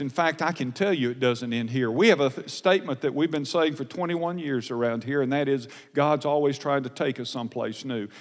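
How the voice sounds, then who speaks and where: A man pastor preaching a sermon, earnest and emphatic, recorded in a large church sanctuary. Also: a little high. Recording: long church hall reverb.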